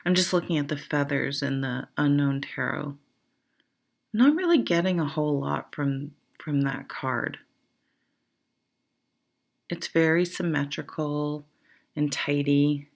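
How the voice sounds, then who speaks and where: Low, gravelly-voiced tired woman reading tarot. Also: slow pace, long pauses. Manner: rambling, thinking aloud with many fillers; laughs and swears casually. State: tired, yawning. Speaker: tarot reader.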